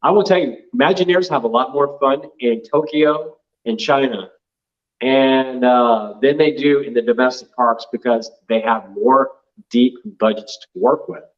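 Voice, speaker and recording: A man's voice: mid-range voice, unhurried, lo-fi sound. A man speaking as a guest in a casual interview, easygoing and joking at his own expense. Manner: easygoing, joking, self-deprecating.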